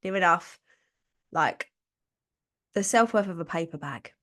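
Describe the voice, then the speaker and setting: A woman's voice: lowish voice, a little slow. Chatty woman coaching. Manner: chatty, animated, laughs often, acts out quotes. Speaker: podcast host and business coach. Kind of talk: casual motivational talk on a live stream.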